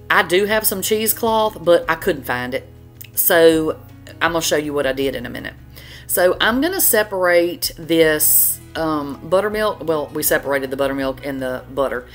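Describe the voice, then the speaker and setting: A woman's voice: sits low, animated, normal speed, soft background music. A middle-aged woman, hosting a cooking channel in a chatty, folksy voiceover. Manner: chatty, folksy, says y'all a lot. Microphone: voiceover mic.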